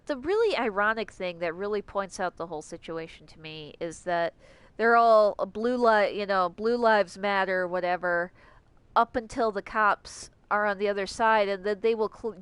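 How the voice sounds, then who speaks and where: A woman's voice: mid-range voice, moderate pace, clean tone, dry recording. A young adult woman streaming a game, ranting casually with lots of swearing and sarcasm. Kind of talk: casual livestream commentary.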